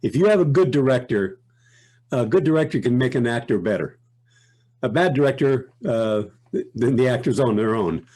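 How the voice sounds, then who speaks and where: An older man, a voice actor, chatting as an interview guest in a reflective, unhurried way that often breaks off and restarts. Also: mid-range voice, expressive, darkish tone. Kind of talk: casual interview chat.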